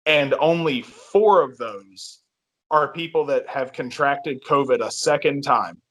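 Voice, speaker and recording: A man's voice: medium pitch, slow pace, fairly bright tone, a little hiss or hum. A man co-hosting a casual sports podcast, laid-back and agreeable, often answering with a simple yep. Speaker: podcast co-host.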